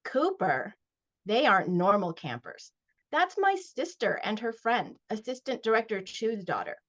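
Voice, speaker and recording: A woman's voice: mid-range voice, very animated, measured pace, a bit bright. A woman reading the lines of a scornful, bossy teenage older brother, over a dull, lo-fi video call.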